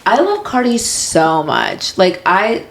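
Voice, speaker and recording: A woman's voice: mid-range voice, huge pitch swings, slow, gravelly. A woman co-hosting a podcast in casual chat, gossiping bluntly and swearing freely. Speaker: podcast co-host.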